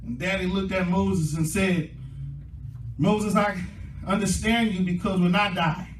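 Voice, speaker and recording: A male pastor preaching a sermon, his delivery swelling into impassioned shouting as the congregation answers him. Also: high voice, steady tone, unhurried, slight background noise. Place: church sanctuary. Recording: echoey church room from a distance with faint music.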